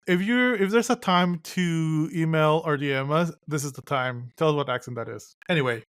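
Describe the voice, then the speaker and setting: Male podcast co-host, casual and wry, halting rambling delivery. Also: fairly high pitch, fairly bright tone, clean tone. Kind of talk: casual chat recapping a film.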